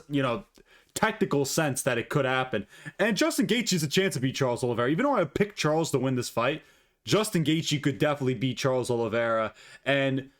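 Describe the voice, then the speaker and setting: Foul-mouthed man ranting about fights. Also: medium pitch. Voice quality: profane, blunt and opinionated. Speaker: MMA commentator, channel host. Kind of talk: casual ranting commentary.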